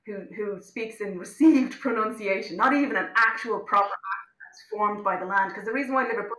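A woman's voice: mid-range voice, brisk, fairly bright tone, roomy sound, low-quality recording. An Irish woman talking as an interview guest, outspoken and impassioned, often restarting her sentences. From Ireland. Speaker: interview guest, actor-director. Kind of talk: casual interview chat.

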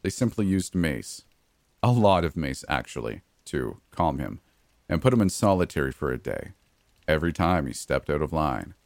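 Deep-voiced man narrating a horror story. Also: sing-song, normal speed, a little mellow, no room sound. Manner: gritty, blunt, with frequent mild cursing.

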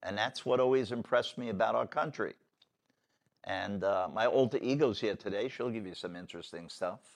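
A man's voice: on the low side, normal speed, creaky. Rambling folksy male talk host. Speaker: show host. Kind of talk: casual political talk.

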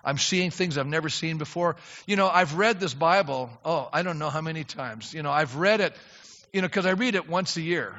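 A man's voice: fairly high pitch, brisk, sharp tone. An older man preaching a sermon as pastor, earnest and emphatic, often rising into fervent prayer. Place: church sanctuary. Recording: dull lo-fi sound in a reverberant hall.

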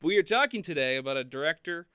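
A man co-hosting a film podcast, talking in a casual, animated way with frequent laughs and restarts. His voice is bright and smooth. The sound is dry and close. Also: on the high side, quick pace, dry recording. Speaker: podcast co-host.

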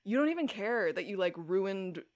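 Woman podcast co-host, mid-pitched, animated, swears, acts out quotes while recapping. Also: normal speed. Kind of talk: casual chat recapping a TV episode.

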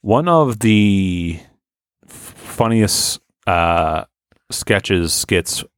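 A man with a fairly low voice, hosting a podcast in loose, rambling chat full of fillers and the odd swear. The recording is dry and close, with little room sound. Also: lively intonation, very slow, clean tone, dry recording. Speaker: podcast host. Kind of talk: casual chat.

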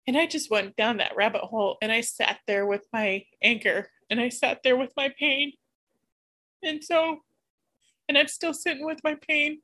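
A woman speaking a personal spiritual reflection, halting and searching with frequent restarts, openly candid about her feelings. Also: high-pitched, pushed and bright. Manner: candid, emotionally open. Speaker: spiritual vlogger.

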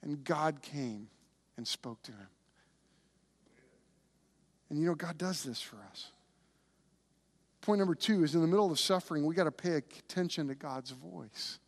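A man's voice: fairly high pitch, measured pace, long pauses. A man preaching a conversational sermon, with frequent restarts, who acts out the voices of biblical figures. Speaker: pastor.

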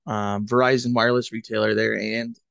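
A man from Cleveland chatting as a podcast co-host, telling a rambling, self-mocking story into a headset boom mic. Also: little pitch movement, a little fast, vocal fry, a bit bright, no room sound, lo-fi sound. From Cleveland, USA. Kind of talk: casual storytelling chat.

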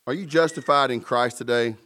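A man's voice: medium pitch, brisk, sharp tone. A man preaching a sermon in a conversational way, with playful asides and emphatic peaks. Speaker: pastor.

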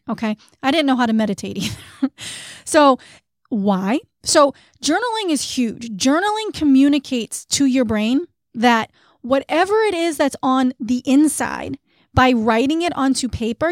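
A woman's voice: sits high, no echo, studio quality. A woman co-hosting a self-help podcast, talking candidly and casually, laughing at herself now and then. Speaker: podcast co-host.

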